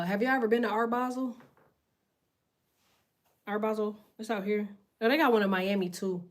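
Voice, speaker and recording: A woman chats loosely with her livestream viewers from under a blanket in bed. Her talk is blunt, profane and full of slang, and she drifts from topic to topic. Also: fairly low pitch. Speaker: tarot livestream host. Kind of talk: casual livestream chat with viewers. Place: in bed at home.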